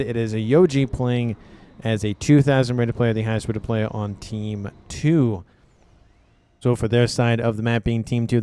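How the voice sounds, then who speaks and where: A man's voice: medium pitch, dark tone, clean tone. A man casting a strategy game match, upbeat and chatty, talking through the map as he goes. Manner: upbeat, chatty, thinks aloud with fillers. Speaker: game caster. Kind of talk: game commentary.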